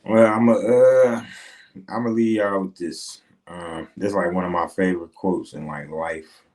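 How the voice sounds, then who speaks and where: A man's voice: sits low, fairly even intonation, normal speed, darkish tone. A man appearing as a podcast guest, speaking casually and hesitantly with many fillers. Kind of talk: casual interview talk.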